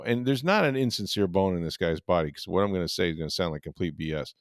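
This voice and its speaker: A man's voice: low voice, fast talker, hardly any pauses, no room sound, studio quality. A middle-aged man hosting a sports podcast, telling a rambling story in casual chat with lots of fillers.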